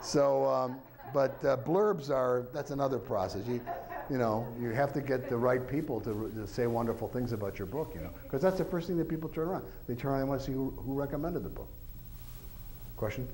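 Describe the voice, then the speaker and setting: A man's voice: mid-range voice, fairly quick, darkish tone, low-quality recording. A man, an author, giving an informal talk to an audience, rambling through anecdotes with lots of filler phrases and acting out quoted voices.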